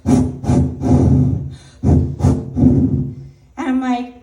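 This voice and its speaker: A high-pitched woman doing loose, rambling stand-up at a small live venue. She talks loudly and chattily, with plenty of fillers. The sound is roomy and picked up from some distance. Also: a little slow, long pauses, faint music behind. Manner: loose rambling storytelling with frequent fillers and laughs; loud, asks if she should tone down her voice. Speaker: stand-up comedian. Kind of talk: open-mic stand-up storytelling.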